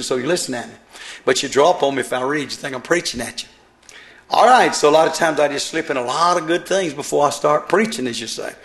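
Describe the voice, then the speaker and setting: A middle-aged man preaching a sermon in a church, swinging from loud emphatic declarations to quiet asides. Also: mid-range voice. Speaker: pastor.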